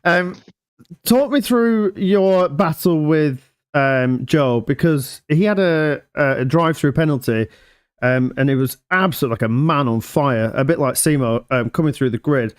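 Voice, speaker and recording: A man's voice: a little high, moderate pace, clean tone, no room sound, studio quality. Chatty man hosting driver interviews. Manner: chatty, jokey, filler-heavy questions. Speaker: league interviewer. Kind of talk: casual post-race interview.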